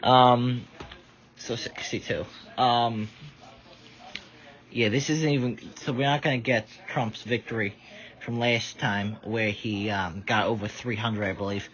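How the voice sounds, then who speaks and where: A man's voice: medium pitch, fairly even intonation, a little slow, a bit bright. A tired man giving rambling casual live commentary, stumbling over his words. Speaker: vlogger. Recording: dull lo-fi audio.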